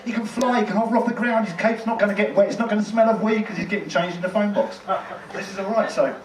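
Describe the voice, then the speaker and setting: High-voiced comedian in an echoey tent. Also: male voice, fast. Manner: rambling, conversational, sweary. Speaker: stand-up comedian. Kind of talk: stand-up comedy set. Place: tent in a car park. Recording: echoey tent, distant mic, noisy.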